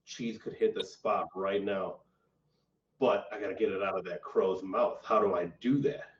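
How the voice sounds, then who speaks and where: A man voicing a cunning, hungry male fox who flatters smoothly, in a dull, echoey recording from far off. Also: low voice, normal speed, a little hiss or hum, pitched below the performer's own voice, lightly acted. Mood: scheming.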